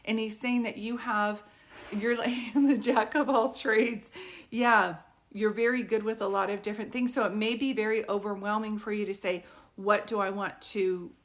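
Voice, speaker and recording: A woman working as a psychic medium, chatting through a live-streamed group reading and often asking whether it makes sense. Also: medium pitch. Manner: chatty, keeps checking "does this make sense".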